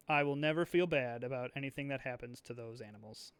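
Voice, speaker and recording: A man's voice: medium pitch, a little fast, hardly any pauses, clear, resonant tone, no room sound. A young man hosting a board game video, rambling chattily through his moves, with lots of fillers and restarts. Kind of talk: casual thinking-aloud play commentary.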